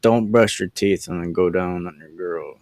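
A man's voice: sits low, moderate pace, noisy background. A man co-hosting a podcast, telling crude anecdotes in a laid-back way. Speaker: podcast co-host. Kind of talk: casual podcast banter.

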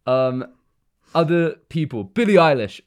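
A man's voice: fairly high pitch, lively intonation, measured pace. A man co-hosting a podcast in a casual chat, rambling and joking and laughing often. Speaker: podcast co-host.

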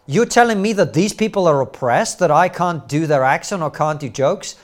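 A middle-aged man with a slightly raised pitch tells stories as a podcast guest. He moves fast between anecdotes and rhetorical questions in a lively, engaged way. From Soviet Union, raised later in Britain. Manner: animated storyteller, quick asides and rhetorical questions. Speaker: guest, comedian and commentator. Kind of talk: podcast interview.

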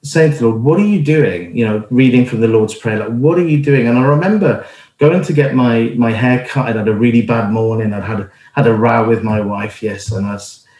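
A middle-aged church planter and speaker gives an informal sermon, earnestly recounting a personal story with plenty of fillers and restarts. His voice is mid-range, darkish, and a little fast, and the recording has a roomy echo.

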